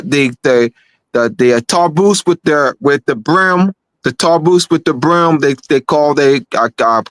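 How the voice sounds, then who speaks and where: A man hosting a livestream show, talking in a halting, animated way with many restarts. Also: mid-range voice, dry recording. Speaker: show host.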